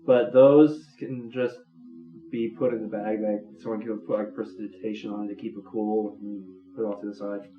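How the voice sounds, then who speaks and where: A man's voice: fairly low pitch, little pitch movement. A man playing a tabletop game, joking around in casual chat. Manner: joking, quick talker. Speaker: player. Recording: echoey room, dull lo-fi audio.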